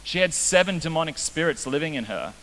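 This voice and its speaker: A man's voice: a little high, animated, brisk, bright, forceful tone. Young man, youth pastor, casual joking sermon, long hall reverb. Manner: casual, joking, self-deprecating. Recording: reverberant hall with faint hiss.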